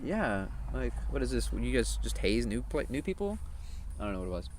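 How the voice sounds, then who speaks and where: A man's voice: medium pitch, very animated, fairly quick. Cursing, rambling male streamer. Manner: profane, rambling storyteller. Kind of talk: casual chat while gaming.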